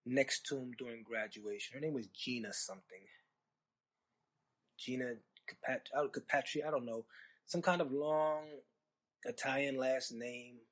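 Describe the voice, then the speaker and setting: A man hosting a storytelling podcast, talking in a rambling, conversational way with sarcastic asides. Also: medium pitch. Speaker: podcast host. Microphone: podcast microphone.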